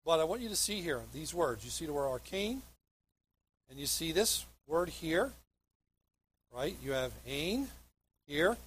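A man's voice: on the high side, sing-song, unhurried, long pauses, a little hiss or hum. A man pastor preaching a sermon, reading scripture verses aloud and stressing key words emphatically.

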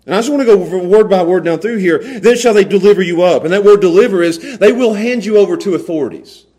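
Male pastor, high voice, sermon, repeats words, loud then hushed, church. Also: fast talker. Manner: repeats words, swings from loud emphasis to low quiet stretches.

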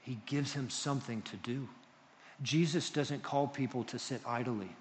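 A male pastor preaching a sermon to a congregation, moving between loud emphasis and hushed tones. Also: mid-range voice, moderate pace, in a large hall. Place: church hall with congregation.

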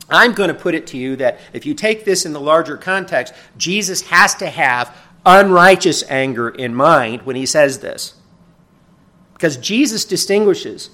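A pastor delivering a sermon in a conversational teaching manner. He often asks "right?", rises loud for emphasis and then drops soft. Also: on the high side, expressive, normal speed.

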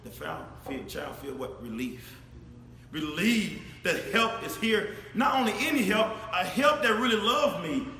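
A man preaching a sermon, speaking straight to his congregation, swinging from shouted emphasis to low, quiet asides. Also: unhurried, creaky, slight background noise. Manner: animated, addresses congregation directly, rises to shouts then drops low. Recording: echoey hall with faint ambience.

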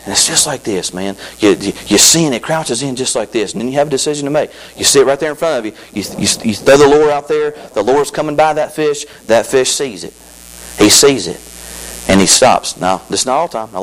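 A man preaching a sermon as pastor, folksy and emphatic, often repeating phrases and swinging between loud and quiet. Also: medium pitch, a little hiss or hum, low-quality recording.

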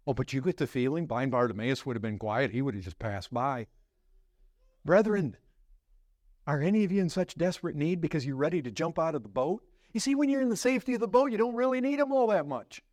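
A man preaching a sermon as pastor, emphatic and swinging between loud urgent questions and hushed, slow passages. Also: fairly high pitch, no echo, clean studio sound.

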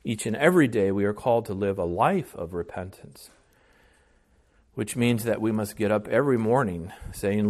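A man's voice: lowish voice, lively intonation, normal speed, a little mellow. Earnest male preacher delivering a sermon. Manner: earnest preaching with frequent restarts, swells in volume on key phrases. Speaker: pastor.

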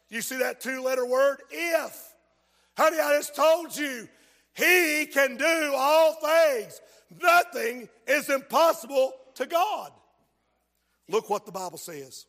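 A male preacher delivers a fiery revival sermon in a very high, ringing voice. He shouts his points and reads old scripture aloud. His voice carries a long reverb through the church sanctuary.

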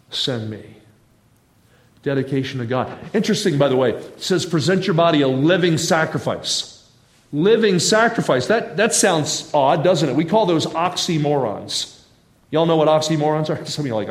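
A man preaching a sermon in a church, telling stories in a folksy, humorous way with asides to the congregation. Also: fairly high pitch. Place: church sanctuary. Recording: echoey church room.

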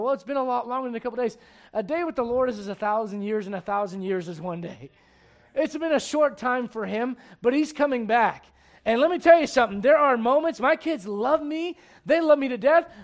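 High-voiced preaching man. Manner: dynamic preaching, swinging from loud to hushed; acts out voices in little scenes. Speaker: pastor. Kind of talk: sermon.

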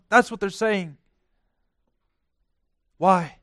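A male preacher delivering a sermon, swinging from hushed, quiet phrases to loud, emphatic declarations. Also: high voice, takes it slowly, pauses often, no echo, clean studio sound.

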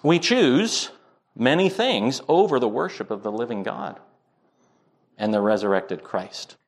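A man's voice: mid-range voice, animated, measured pace. A man preaching a sermon as pastor, earnest, building to emphatic points.

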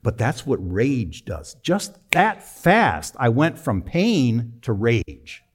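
A man in his sixties telling a personal story in a sermon, conversational and emphatic, with sudden drops to a low, quiet voice. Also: sing-song, slow. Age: 60s. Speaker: preacher.

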